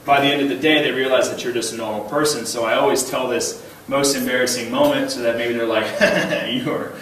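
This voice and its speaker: A man in his thirties giving a humorous banquet speech, telling personal stories in an animated way, chuckling often and repeating words as he starts a thought. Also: mid-range voice, quick pace, noisy background. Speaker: banquet keynote speaker. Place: large banquet hall. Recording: very echoey hall, voice heard from a distance.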